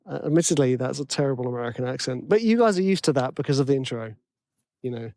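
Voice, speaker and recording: A man with a tenor voice, hosting his own podcast in a rambling, excitable, self-deprecating chat. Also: mid-range voice, quick pace, no echo, studio quality. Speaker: podcast host and composition coach. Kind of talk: casual solo podcast monologue.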